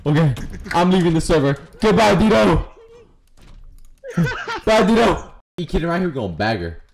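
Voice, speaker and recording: A man's voice: fairly high pitch, wildly swooping pitch, normal speed. A man giving crude, joking commentary while playing a game online, trash-talking other players. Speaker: gaming streamer. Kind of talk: casual gameplay commentary.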